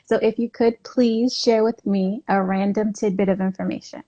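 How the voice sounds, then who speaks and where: A woman's voice: mid-range voice, steady tone, moderate pace, dark tone, dull audio. A woman hosting a casual interview on a video call, talking in a loose, chatty way with many asides. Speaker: host.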